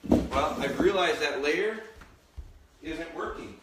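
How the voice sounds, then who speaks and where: A man's voice: a little high, animated, slow. A man working as a dog trainer, talking candidly to viewers during a live training demonstration in his home kitchen. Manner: candid, coaching viewers directly. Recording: echoey kitchen, faint noise.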